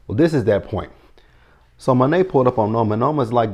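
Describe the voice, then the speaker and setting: A man's voice: medium pitch, lively intonation, fast, a little mellow, highs cut off. A man, recapping a TV episode in a blunt, sassy, profane casual chat. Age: 30s.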